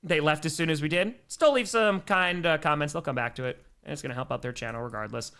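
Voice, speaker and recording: A man with a gravelly edge to his voice hosts a casual live stream. He talks loosely and reads viewer comments aloud, and now and then he breaks into loud, animated bursts. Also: a little high, fast. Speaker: livestream host.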